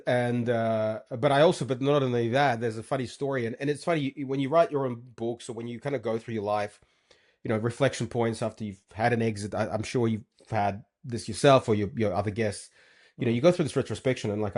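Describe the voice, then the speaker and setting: Fast-talking man. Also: medium pitch, steady tone, darkish tone. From Moldova. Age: 40s. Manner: rambling, many fillers and restarts. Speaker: guest entrepreneur. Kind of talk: casual interview chat.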